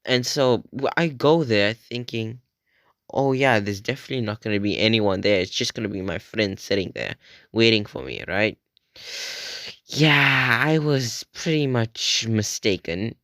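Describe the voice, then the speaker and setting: A teenage boy with a lowish voice tells a rambling story straight into a close mic, swearing freely. The sound is dry and close, with no room around it. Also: lively intonation, unhurried, fairly bright tone, dry recording. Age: teens. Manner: rambling, swearing, acts out quoted friends in a raised voice. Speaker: vlogger. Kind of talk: casual storytelling.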